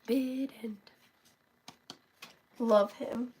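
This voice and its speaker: A woman's voice: a little high, steady tone, extremely slow, a little mellow, breathy edge. A woman chatting casually as she sells antiques in a live stream, gushing over items and counting down bids. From United States. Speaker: live auction seller. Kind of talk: live-stream selling chat.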